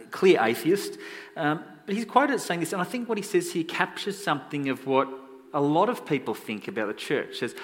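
A man preaching in a conversational, self-deprecating way, telling stories and getting animated when he quotes people. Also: on the high side. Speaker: pastor. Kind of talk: sermon storytelling. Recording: long hall reverb.

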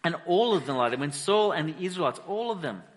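A pastor preaching a sermon, telling the story with animated energy and acting out the characters. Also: male voice, on the high side, fast, in a large hall. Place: church hall.

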